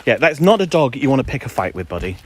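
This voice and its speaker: With a medium-pitched, sing-song voice and a quick pace, a man livestreams his dog walk in the woods from a handheld phone. He's chatty and ranting, with some playful crude language, and a little hiss or hum sits under the audio.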